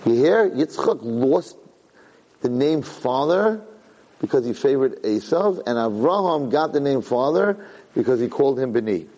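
A man teaching a Torah class, animated, jumping high when he acts out a yelling parent. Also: a little slow. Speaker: Torah lecturer. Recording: long hall reverb.

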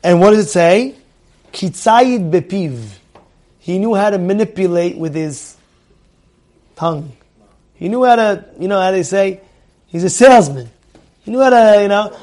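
A middle-aged man animatedly teaches a Torah class in a high voice, speaking a little slowly with frequent pauses. He repeats phrases for emphasis, poses questions to his listeners, and uses Hebrew terms.

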